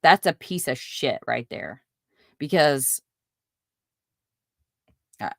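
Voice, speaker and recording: Indignant low-voiced woman hosting a live stream. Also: lively intonation, slow, vocal fry, long pauses, a bit bright, no echo, studio quality. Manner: chatty, reads viewer comments aloud, indignant. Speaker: podcast host. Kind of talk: casual live-stream commentary.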